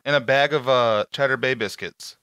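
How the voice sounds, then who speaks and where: Loud, bright-voiced man telling crude stories. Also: medium pitch, moderate pace, clear, resonant tone, no echo. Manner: crude storytelling, acts out callers in raised voices. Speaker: podcast host. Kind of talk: casual chat.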